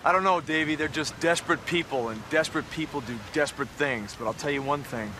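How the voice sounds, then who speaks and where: A man's voice: quick pace, background noise, close to an everyday voice. A podcast host putting on the voice of an earnest, solemn male wrestling hero from a cartoon-like show. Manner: earnest, low-key delivery.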